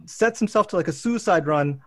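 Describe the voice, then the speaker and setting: A man in his thirties, a professor hosting a casual chat, telling animated, rambling anecdotes full of restarts. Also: high voice, a little fast, no echo. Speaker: professor and host.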